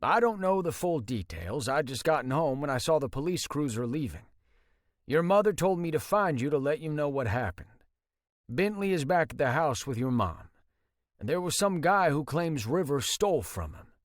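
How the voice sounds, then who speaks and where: A man's voice: a little high, very animated, moderate pace, no room sound, clean studio sound, pitched above the performer's own voice. A male audiobook narrator voicing a worried middle-aged father who explains things in an earnest, level way. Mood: concerned.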